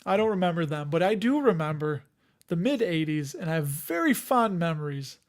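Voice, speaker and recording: A man's voice: fairly high pitch, sing-song, a little fast. A man in his forties hosting a livestream, chatting casually with viewers, often chuckling and trailing off mid-thought. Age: 40s. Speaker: livestream host reading viewer comments. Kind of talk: casual rambling livestream chat.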